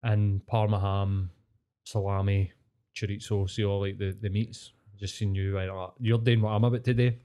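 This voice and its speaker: A Scottish man, a podcast co-host, telling a story in casual chat, swearing freely and getting animated. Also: lowish voice, normal speed, clean tone.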